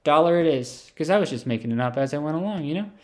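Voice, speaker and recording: A man with a fairly high voice spins an improvised comic monologue. He rambles and doubles back, with lots of "you know" and "right?". His deadpan delivery treats the nonsense as plain fact. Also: very fast. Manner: rambling, absurd, deadpan, full of fillers and asides. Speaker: comedic storyteller.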